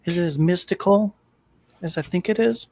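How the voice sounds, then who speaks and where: A man's voice: high voice, normal speed, gravelly, warm tone. A man co-hosting a casual sports podcast, telling stories and teasing his friends in an easygoing way. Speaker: podcast co-host.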